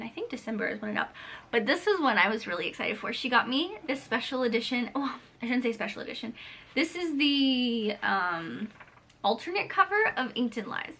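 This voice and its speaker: Casting: bright, slightly high-voiced woman, rambling casual vlog chat. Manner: chatty and rambling, many fillers. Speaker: book vlogger. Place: home library.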